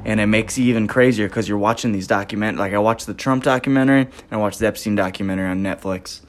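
A young man hosting a podcast alone, ranting and rambling, swearing constantly and breaking into laughter, his volume swinging from loud outbursts down to mumbles. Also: fairly low pitch, quick pace. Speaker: podcast host. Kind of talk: solo comedic podcast rant.

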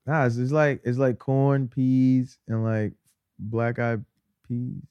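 A man's voice: medium pitch, fairly even intonation, slow pace, clean tone, no room sound, lo-fi sound. A man co-hosting a podcast, trading loose jokes in casual banter. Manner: laid-back, joking, lots of "you feel me". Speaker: podcast co-host.

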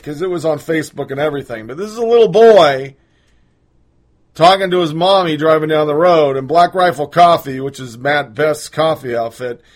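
Blunt, profane podcast host. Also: male voice, fairly high pitch. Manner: blunt, profane, opinionated rant. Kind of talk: casual political commentary.

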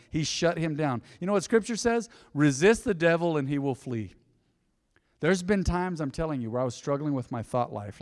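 Man preaching in a reverberant hall. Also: on the high side. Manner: conversational preaching, asks the audience questions. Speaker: pastor. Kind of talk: sermon. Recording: long reverb of a large hall.

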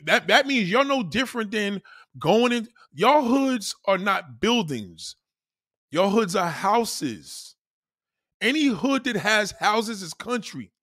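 A man's voice: high voice, fairly bright tone, dry recording, studio quality. Blunt, profane New York man. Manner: blunt, profane, emphatic with repetition. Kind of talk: casual rant.

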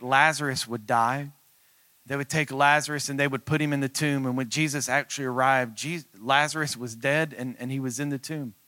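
A lead pastor preaching a sermon, building to fervent calls to the congregation. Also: male voice, mid-range voice, pushed and bright, no room sound.

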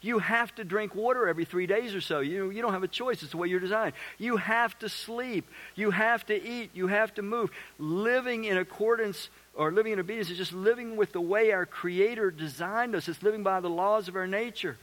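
High-voiced animated preacher man. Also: brisk, few pauses. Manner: animated preacher, acts out voices and asks the crowd questions. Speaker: pastor. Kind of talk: sermon.

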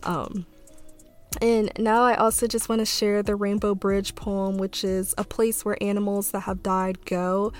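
Flat-voiced young woman. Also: medium pitch, faint music behind. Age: young adult. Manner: soft, tearful, halting with fillers. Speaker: podcast host. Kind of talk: reading a letter and a poem, then casual talk.

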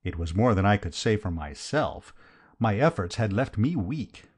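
A man's voice: lowish voice, expressive, normal speed, husky. A man narrating a comic novel in the first person, with a dry, wry, conversational delivery. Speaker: audiobook narrator.

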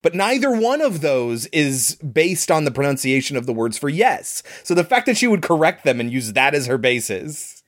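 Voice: mid-range voice, sing-song, moderate pace, few pauses. A podcast co-host in casual chat, wry and mock-exasperated, laughing often.

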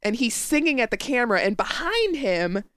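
A woman co-hosting a podcast in casual chat, sarcastic and quick to laugh. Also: on the high side. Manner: animated, laughs often, sarcastic. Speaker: podcast co-host.

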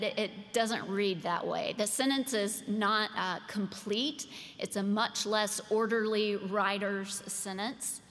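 A woman preaching a sermon, slow and deliberate, leaning on emphatic pauses to land her points. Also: medium pitch, fairly bright tone. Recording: long reverb of a large hall.

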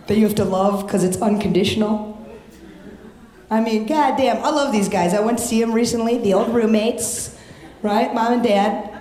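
Brash young woman doing stand-up. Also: mid-range voice. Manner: brash, profane and quick to shout punchlines. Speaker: stand-up comedian. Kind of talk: stand-up comedy set. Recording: echoey live club.

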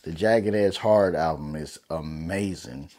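A man's voice: low voice, measured pace, darkish tone. A young man talking casually and earnestly to his viewers, loose and slangy, leaning on "man" and "you know.". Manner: loose, heartfelt, slangy, many fillers like "man". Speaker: vlogger. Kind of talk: casual motivational talk to camera.

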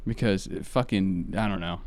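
A man's voice: low-pitched, moderate pace, a little mellow, no echo. Profane rambling podcast guy, dry sound. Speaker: podcast host. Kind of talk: casual chat.

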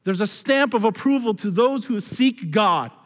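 Male pastor, high voice, sermon in a church with long hall echo, earnest scripture reading. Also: lively intonation, normal speed, fairly bright tone. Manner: earnest preaching, reads scripture aloud, rises and falls in pitch.

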